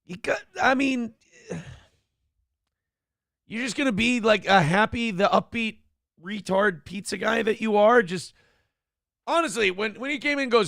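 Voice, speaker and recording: A man hosting a morning show, reacting to a clip with loud, profane mockery and shouting now and then. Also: high-pitched, expressive, normal speed, creaky, pauses often, no echo, clean studio sound. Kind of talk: crude comedic commentary on a clip.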